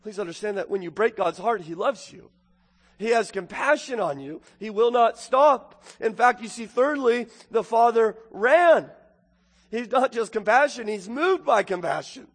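A man preaching a sermon, swinging from booming exclamations to hushed, intimate asides. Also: expressive, unhurried, husky, in a large hall. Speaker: pastor.

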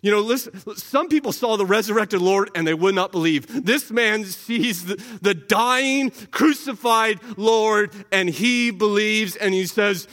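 A man preaching a sermon as pastor, earnest, rising high and loud at the big points and dropping soft and slow for quoted words. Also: expressive. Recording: long reverb of a large hall.

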